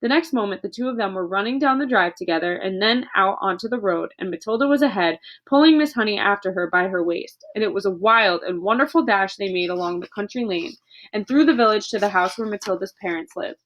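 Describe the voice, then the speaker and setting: A woman narrating a children's book aloud in a steady storytelling voice. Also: medium pitch, a little fast, highs cut off. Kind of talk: audiobook reading.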